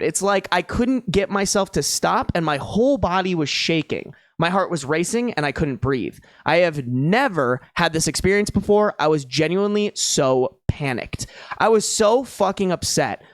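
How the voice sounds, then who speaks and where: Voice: mid-range voice, dry recording, clean studio sound. A streamer reading online posts aloud in a casual, slangy way, breaking off for exasperated, disbelieving reactions. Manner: exasperated, incredulous reactions between read passages; slangy and casual, calls listeners bro and dude.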